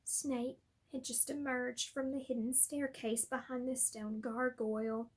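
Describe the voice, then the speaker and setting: A woman reading a novel aloud, with measured, expressive narration. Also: high-pitched. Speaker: reader. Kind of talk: audiobook reading.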